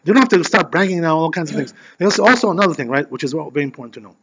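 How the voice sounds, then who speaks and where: A man giving a conversational Torah class as a rabbi, animated and filling his talk with "you know". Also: on the high side, very fast, noisy background. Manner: peppers speech with "you know". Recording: dull lo-fi recording.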